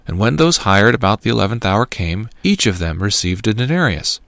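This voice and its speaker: A man reads scripture aloud in a measured, even cadence. His voice is low and gravelly, and the recording is close and dry with no room echo. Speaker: scripture reader. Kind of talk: scripture reading.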